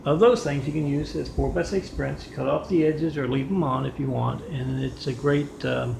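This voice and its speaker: This vlogger talks to his phone's front camera in a mid-range, fairly even voice with vocal fry, at a normal speed. His wandering story comes with dry asides and frequent fillers, and the recording has echo and background noise.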